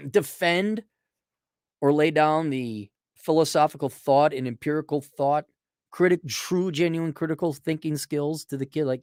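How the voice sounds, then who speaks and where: A man's voice: fairly high pitch, no room sound, clean studio sound. A middle-aged man giving a blunt, profane, casual monologue answering listener questions, acting out quoted exchanges.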